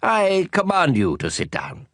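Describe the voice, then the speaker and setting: A man's voice: fairly high pitch, huge pitch swings, unhurried, creaky, a bit bright, no echo, clean studio sound, voice pushed up, exaggerated voice. Casting: man voicing a pompous elderly king for a storybook, raised, commanding, formal. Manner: grand, commanding, stiffly formal.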